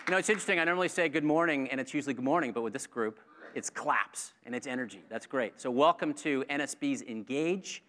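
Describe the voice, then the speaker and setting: A man's voice: medium pitch, expressive, fast, a bit bright. A man giving a live motivational talk to a conference audience, upbeat and leading them in clapping to rhythm. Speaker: keynote speaker.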